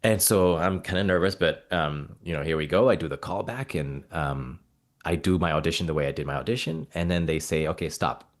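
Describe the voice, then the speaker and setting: A man from Mauritania, an actor and guest, telling animated anecdotes in a casual interview and acting out quoted dialogue. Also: a bass voice, a little fast.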